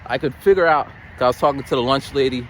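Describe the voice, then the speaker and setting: A man chatting casually in a vlog while outdoors in the cold, rambling through animated stories with stammered restarts about his school lunchroom duty. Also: mid-range voice, fast talker, a little hiss or hum. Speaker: vlogger who works lunchroom duty at a school. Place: outdoors in cold weather, near a bridge.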